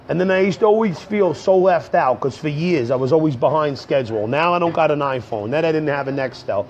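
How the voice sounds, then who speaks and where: A man in his thirties riffs casually on a livestream, joking and repeating himself. He is getting over a cold. His voice sits a little high, and the audio is dull and lo-fi with a faint hiss. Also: lively intonation, fast talker, few pauses, a little mellow. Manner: loose, joking, repeats "bro" a lot, breaks into rap. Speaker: livestream host and rapper. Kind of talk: casual livestream chat to viewers.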